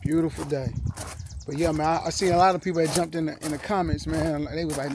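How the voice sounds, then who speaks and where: A man's voice: fairly high pitch, steady tone, fast talker, noisy background. A man talking in a laid-back, rambling way for his car vlog, outdoors with dogs barking behind him. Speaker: car vlogger. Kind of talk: casual vlog talk.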